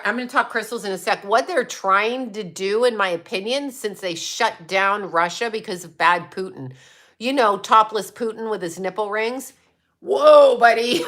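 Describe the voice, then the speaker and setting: Bright-voiced, blunt woman chatting on a livestream. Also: medium pitch. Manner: rambling, blunt and profane, with frequent laughs. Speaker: psychic medium livestream host. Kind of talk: casual livestream chat answering viewers.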